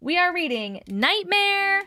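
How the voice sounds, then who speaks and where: Bright chatty young woman streaming live. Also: extremely high pitch, very animated, slow, dry recording. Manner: chatty, swears freely, laughs often, many "like" fillers. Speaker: livestream host. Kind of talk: casual live chat reading viewer comments.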